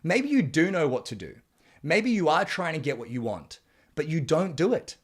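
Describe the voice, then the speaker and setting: A man delivers a self-help chapter in a blunt, preachy way, dropping swear words as he presses his points. His voice sits a little higher than most men's. He surges louder when he hammers home a message. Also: big pitch swings, normal speed, breathy edge. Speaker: men's coach narrating his book chapter. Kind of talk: motivational self-help reading.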